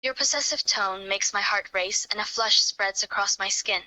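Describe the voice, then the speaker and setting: A woman voicing a smitten young woman in a fan role-play, speaking in a soft, quavering tone. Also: medium pitch, normal speed, poor audio. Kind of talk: fan role-play reading, first person.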